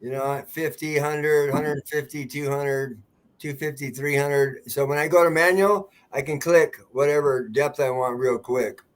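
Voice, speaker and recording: A man's voice: medium pitch, steady tone, a little slow. A man who is a guest on a fishing talk show, explaining things plainly.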